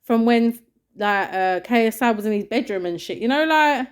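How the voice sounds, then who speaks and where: A woman, co-hosting a casual podcast chat and telling a story with lots of acted-out shouts and quotes. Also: fairly high pitch, expressive, normal speed, smooth. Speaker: podcast co-host.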